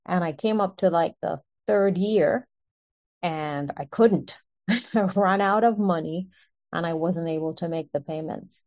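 A woman telling her own story in an earnest, animated way, often breaking into short laughs. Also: on the low side, a little slow. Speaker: speaker sharing a personal testimony. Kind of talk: personal storytelling.

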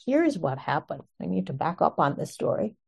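A woman's voice: sits low, moderate pace, vocal fry, slightly rough. Woman telling an earnest personal story. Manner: earnest and animated, often breaking into short laughs. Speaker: speaker sharing a personal testimony.

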